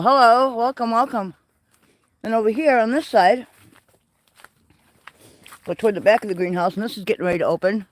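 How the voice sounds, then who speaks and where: A man hosting a livestream, walking through his greenhouse and garden and chatting in an excitable, rambling way. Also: high-pitched, no room sound. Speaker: livestream host. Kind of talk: casual walking garden tour. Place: greenhouse and garden, partly outdoors.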